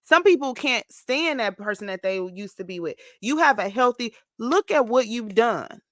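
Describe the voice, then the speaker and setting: A woman around forty talking through a casual confessional vlog, expressive and emotional, close to tears at times. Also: fairly high pitch, moderate pace, dry recording. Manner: expressive, slips into mock-whiny voices when quoting her past self. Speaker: vlogger.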